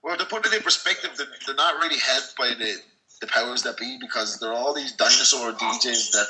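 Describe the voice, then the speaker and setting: An Irish man talks on a podcast over an iPhone line, as a guest musician in casual chat. His delivery is quick, and he swears freely as he spins his stories. His voice has a strikingly bright, forward tone. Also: medium pitch, low-quality recording. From Ireland. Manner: blunt, sweary, animated storyteller. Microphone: iPhone call.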